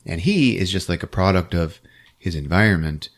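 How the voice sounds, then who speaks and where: A man hosting a podcast, recapping a movie as an animated storyteller who laughs often. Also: low voice, moderate pace. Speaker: podcast host.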